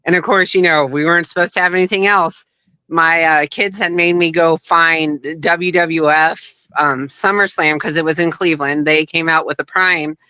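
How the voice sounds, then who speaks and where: A middle-aged woman tells a personal story in casual conversation. Her voice is bright and smooth. She is animated and acts out other people's lines as she goes, recorded dry with no room sound. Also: deep voice, moderate pace, no room sound, low-quality recording. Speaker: guest, wrestler's daughter.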